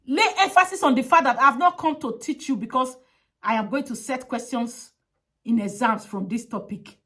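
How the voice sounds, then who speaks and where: A woman's voice: sits high, moderate pace, fairly bright tone. A woman giving an impassioned public appeal, speaking emphatically and repeating her direct demands. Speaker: advocate.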